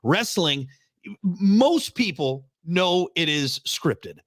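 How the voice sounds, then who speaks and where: A man co-hosting a casual podcast, talking in an animated, ranting way with frequent laughs. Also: high voice, takes it slowly, no echo. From Wisconsin. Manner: animated, ranting, mock voices, laughs often. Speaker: podcast co-host. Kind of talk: casual chat.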